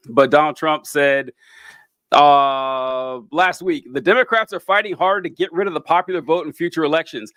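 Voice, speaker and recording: A man in casual political chat, often incredulous and quick to laugh. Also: on the high side, fairly bright tone, no room sound. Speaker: political commentator.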